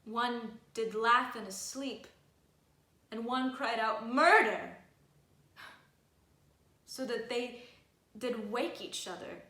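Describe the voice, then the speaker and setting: A woman as a shaken, hushed Macbeth. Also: a little high, fairly even intonation, takes it slowly. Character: Macbeth, shaken male lord just after the murder. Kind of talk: amateur home-recorded Shakespeare reading. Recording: echoey room.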